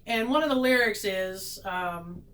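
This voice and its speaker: Woman tarot vlogger, casual and self-mocking, laid-back slow delivery, mid pitch. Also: a bit bright, poor audio. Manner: sarcastic, self-mocking, laughs often. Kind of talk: casual chat, tarot reading.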